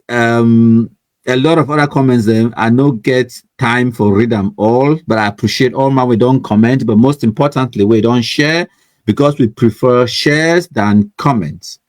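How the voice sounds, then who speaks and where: A man's voice: medium pitch, no room sound. Chatty Cameroonian man reading viewer comments. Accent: Cameroonian English with Pidgin. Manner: chatty and teasing, laughs often, reads viewer comments aloud. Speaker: online news show host. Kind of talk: casual live-stream comment reading.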